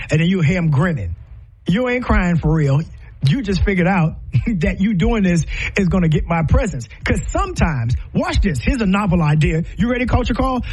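A man with a high-sitting, darkish, husky voice speaks on parenting in an impassioned, preaching style, caught on a rough recording. He fills the talk with rhetorical questions, his voice rising and falling sharply.

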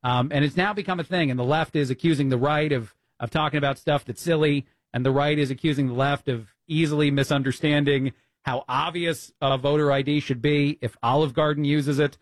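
New Jersey man hosting talk radio, opinionated and loose, slightly raised pitch, close dry mic. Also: steady tone, fairly quick, no room sound. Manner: opinionated, conversational, many fillers. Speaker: fill-in radio talk host. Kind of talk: political talk radio monologue.

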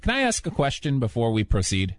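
A man hosts a radio call-in show with a wry, teasing manner. His voice swings widely in pitch as he jokes with his caller. The studio sound is close and dry. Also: huge pitch swings, fairly quick, dry recording. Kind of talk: talk radio phone-in.

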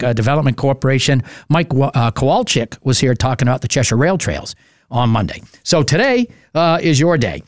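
A man hosts a morning call-in radio show, chatting loosely and filling pauses with "uh." His voice sits at an ordinary middle pitch and comes across close and dry from a studio microphone. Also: no room sound. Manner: chatty and rambling, many "uh" fillers. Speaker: local radio talk show host. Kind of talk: casual open-mic radio chat.

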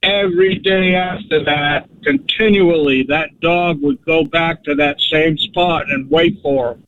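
A man's voice: a little high, fairly even intonation, measured pace. A man calling into a radio show, telling a story in an eager, rambling way. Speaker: caller. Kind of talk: phone call to a radio show. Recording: dull phone line with faint noise.

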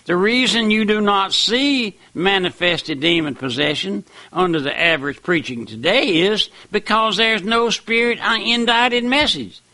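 A man's voice: sits high, measured pace, hardly any pauses, pushed and bright, no room sound. A man preaching a sermon in an emphatic old-time style, repeating phrases for weight.

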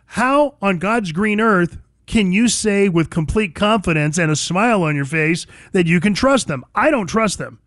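A man's voice: high-pitched, animated, moderate pace, hardly any pauses, fairly bright tone, dry recording, studio quality. A man hosting a talk radio show, delivering an emphatic, opinionated monologue full of repetition.

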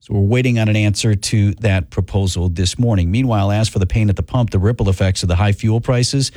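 A man's voice: lowish voice, a little fast, warm tone, no room sound. A man hosting talk radio, moving between conversational ad reads and news updates.

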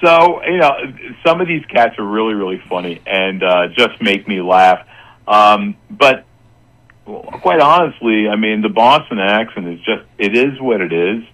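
A man's voice: fairly low pitch, expressive, unhurried, fairly bright tone, low-quality recording. Rambling voice-actor man chatting on air. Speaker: voice actor guest. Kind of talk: casual radio chat.

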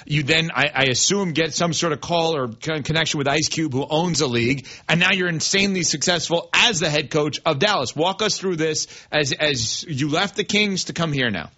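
A male sports host with a bright, forceful tone runs through the guest's facts in quick short bursts, then asks his question. The sound is a bit dull. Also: on the high side. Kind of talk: broadcast interview.

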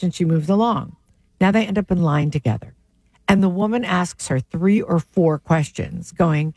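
A woman's voice: on the low side, darkish tone, no echo. A woman radio host, telling stories in casual on-air chat. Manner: chatty storyteller, quick asides. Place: radio studio.

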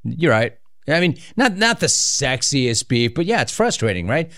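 Animated joking radio host man. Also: mid-range voice, moderate pace, no room sound, studio quality. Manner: animated, joking, teasing callers. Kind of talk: call-in radio show banter.

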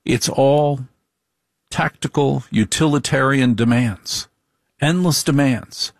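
A middle-aged man giving a comic monologue in a deliberate, repetitive, wry way. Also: mid-range voice, creaky, no echo, studio quality.

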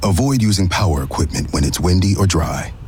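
A man voicing a wise old bear in a radio public service ad, with a booming, fatherly delivery. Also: animated, a little fast, darkish tone, soft background music. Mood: solemn.

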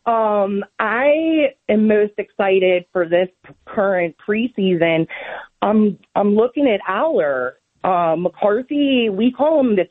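Brief: woman caller, Pittsburgh accent, slow and giggly, thin phone-line sound. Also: medium pitch, animated. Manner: giggly, upbeat, unhurried. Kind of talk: casual phone-in chat.

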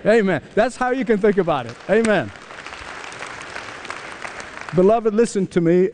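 A man's voice: high voice, lively intonation, unhurried, a little mellow, long reverb tail, some chatter behind, slight background noise. A man preaching a sermon as pastor, emphatic and prompting his listeners to finish his sentences. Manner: emphatic, asks the congregation to fill in words.

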